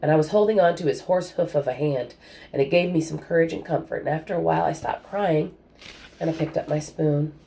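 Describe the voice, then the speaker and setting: Low-voiced woman reading a children's book. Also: fairly quick, gravelly, warm tone. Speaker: audiobook reader. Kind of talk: reading a children's novel aloud.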